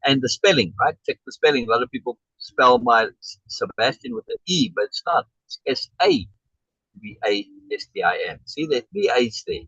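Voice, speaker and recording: A male life coach speaks with a gravelly, husky voice and lively, swooping pitch. He stresses his points by repeating words. The sound is a dry, muffled video call. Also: moderate pace, no echo.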